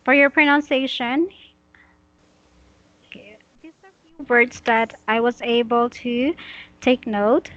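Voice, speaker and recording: A woman teaching English pronunciation, explaining slowly and repeating her instructions patiently. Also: a little high, steady tone, fairly bright tone, dull audio. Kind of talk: giving a pronunciation lesson.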